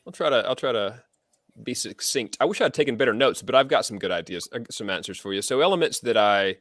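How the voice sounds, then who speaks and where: A man's voice: medium pitch, animated, fast, a bit bright, no room sound, studio quality. A man from the southern United States chatting as a guest on a book livestream, rambling with restarts and sounding keen. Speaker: podcast guest. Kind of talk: casual livestream chat.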